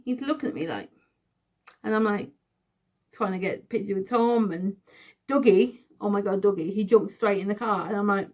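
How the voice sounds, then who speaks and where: A woman's voice: mid-range voice, normal speed, long pauses. Chatty woman telling a story. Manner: excitable, chatty, giggly storytelling. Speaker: vlogger. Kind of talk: casual storytime.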